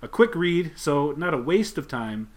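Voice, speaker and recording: A man's voice: on the high side, big pitch swings, a little slow. A man co-hosting a podcast, casually retelling a comic scene by scene and quoting the characters' lines. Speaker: podcast co-host. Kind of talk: casual chat recapping a comic.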